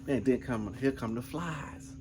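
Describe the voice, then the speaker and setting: A middle-aged man in a casual vlog, rambling through a story in an easygoing way. His voice sits at an ordinary middle pitch, and faint background noise hums behind him. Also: measured pace, a little mellow. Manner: laid-back, rambling, peppered with "man" and "you know what I'm saying". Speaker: vlogger.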